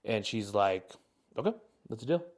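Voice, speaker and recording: A man's voice: lowish voice, animated, moderate pace. A young man in his twenties, co-hosting a podcast and telling a long rambling story with lots of fillers. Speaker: podcast co-host. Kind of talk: casual chat, storytelling.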